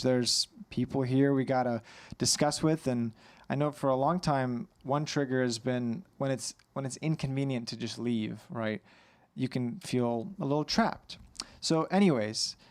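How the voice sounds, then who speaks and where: A man answering questions as an anxiety coach on a live Q&A, a little on edge, calmly guiding listeners through a breathing exercise. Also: medium pitch. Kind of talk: live Q&A advice.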